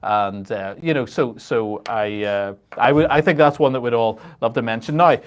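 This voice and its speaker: A man co-hosting a casual political talk show, talking in halting bursts with many restarts and sardonic asides. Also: medium pitch. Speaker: editor-in-chief and co-host.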